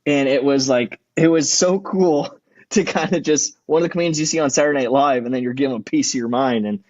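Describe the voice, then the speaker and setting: A man's voice: mid-range voice, brisk, darkish tone, dry recording, lo-fi sound. A man in his thirties, a podcast guest, telling stories in casual chat, acting out quotes and swearing a lot.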